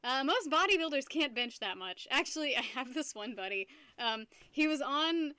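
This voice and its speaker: A young woman chats with her stream viewers in a high, bright, lively voice. She is playful and giggly and laughs at herself a lot. The sound is close and dry. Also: moderate pace, no room sound. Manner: playful, giggly, self-mocking. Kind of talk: casual live-stream chat.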